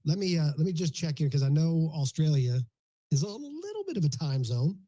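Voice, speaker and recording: Man, live audio-chat host, mellow and warm, joking banter, slightly high voice. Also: sing-song, fairly quick, poor audio.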